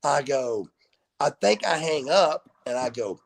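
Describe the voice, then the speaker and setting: Gravelly, husky man telling stories. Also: a little high, unhurried. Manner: animated storyteller, swears freely. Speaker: guest. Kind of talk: casual storytelling interview. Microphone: video call.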